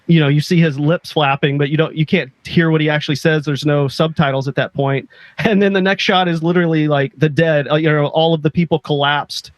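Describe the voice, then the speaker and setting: A man's voice: a little high, steady tone, a little fast, dry recording. A man co-hosting a casual podcast, enthusiastically recounting a music video and acting out its lines. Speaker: podcast co-host. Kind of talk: casual chat.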